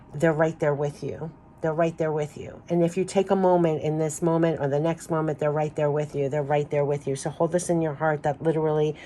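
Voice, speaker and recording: A woman's voice: low-pitched, darkish tone, slight background noise. A woman doing an emotional spiritual card reading, talking in a gushing, emphatic way and repeating phrases, her voice giving out. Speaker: tarot card reader.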